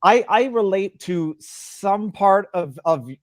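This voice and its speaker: A middle-aged man hosts an interview, often stammering as he tries to get a word in. His voice sits slightly high. The sound is close and dry, with no room around it. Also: takes it slowly, dry recording. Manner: hesitant, stammering when interrupted. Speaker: interview host. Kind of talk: conversational interview.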